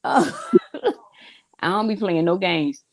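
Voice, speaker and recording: A middle-aged woman with a Philadelphia accent, chatting loudly and laughing as host. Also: fairly low pitch, slow pace, dry recording, low-quality recording. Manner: loud, laughing, animated storyteller. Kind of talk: casual chat.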